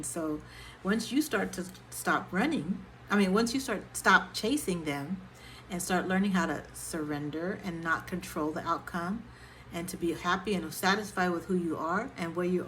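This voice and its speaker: A woman's voice: on the low side, fairly bright tone, slight background noise, poor audio. A woman vlogger and singer-songwriter talking casually to camera and often checking in with her viewers. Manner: conversational, keeps checking in with "okay?". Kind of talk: casual talk-to-camera advice vlog.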